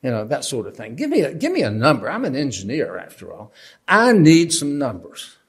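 Husky guy at a lectern doing laid-back bible teaching, keeps asking questions, cracks jokes at himself. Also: medium pitch, wildly swooping pitch, a little fast. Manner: conversational, questioning, self-deprecating humor.

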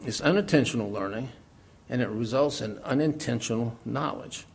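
A middle-aged man preaching in a relaxed, conversational way, laughing often and asking rhetorical questions. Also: medium pitch, moderate pace, vocal fry, slightly rough. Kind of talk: sermon.

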